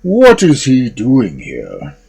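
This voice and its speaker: A man voicing a huge, gruff, suspicious male ogre in a storybook reading. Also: medium pitch, wildly swooping pitch, slow pace, a little mellow, heavily acted.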